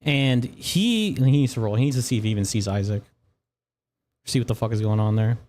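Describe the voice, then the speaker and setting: A male game master runs a tabletop session in a loose, casual way. He swears freely and laughs often as he narrates. His voice sits at an ordinary middle pitch. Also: a little fast, darkish tone.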